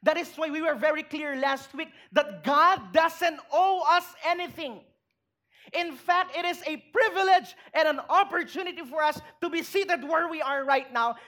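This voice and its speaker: Pastor preaching, high voice, lots of "why?" questions to the crowd. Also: animated, moderate pace, a bit bright. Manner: emphatic, rhetorical questions to the congregation. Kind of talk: sermon. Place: church.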